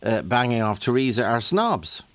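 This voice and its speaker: A man hosting a radio phone-in, his pitch rising and falling in a lively, animated way. He keeps prodding callers with short questions. His voice sits close and dry on a studio mic. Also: normal speed, no echo. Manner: probing, interjecting. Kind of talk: casual radio chat. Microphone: studio microphone.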